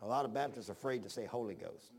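A fast-talking man with a medium-pitched voice preaches in a folksy, rambling way. He tells stories about himself, often restarts sentences, and reads Bible verses in antiquated wording.

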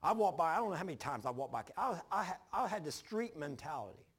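An older man preaching a sermon, telling his own story in a folksy, repetitive way with sudden loud bursts. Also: a little high, big pitch swings, quick pace, slightly rough. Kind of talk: sermon with personal testimony.

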